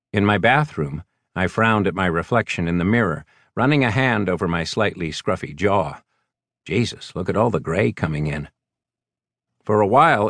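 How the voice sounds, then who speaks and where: A man reading a first-person novel as an audiobook narrator, measured and wry. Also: on the low side, no echo, studio quality.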